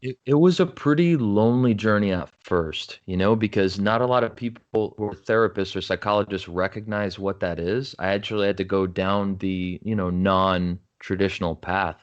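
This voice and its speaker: A man's voice: fairly low pitch, normal speed, few pauses, highs cut off. A man speaking as a podcast guest, telling his story frankly and earnestly, often saying "you know" and "right?" and restarting his sentences. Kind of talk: candid conversational storytelling.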